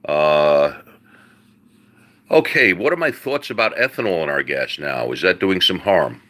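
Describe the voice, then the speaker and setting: A middle-aged man with a very low but bright, forceful voice explains engine trouble to his viewers. He talks in a folksy, unscripted live-stream way and peppers his talk with "all right" and "uh." He calls the audience folks and buddy. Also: sing-song, unhurried. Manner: explains mechanics plainly. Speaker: host answering viewers' car questions.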